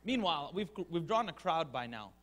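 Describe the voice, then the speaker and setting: Lively storytelling man, slightly high voice. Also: a little fast. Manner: animated, mimics sounds and voices, teases the crowd. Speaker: Quran teacher and speaker. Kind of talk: lively storytelling lecture to an audience.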